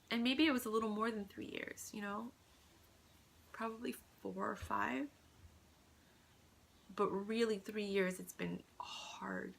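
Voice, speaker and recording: A woman talking softly and earnestly in a personal spiritual vlog at home, sometimes dropping to a whisper. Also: medium pitch. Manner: soft, earnest, drifts into whispers. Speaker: vlogger.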